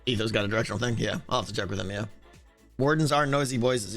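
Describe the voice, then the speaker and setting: A man streaming a game, chatting casually with viewers and thinking aloud, with a hoarse voice and many restarts. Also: fairly low pitch, fast, fairly bright tone, faint music behind. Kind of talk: casual livestream chat answering viewers.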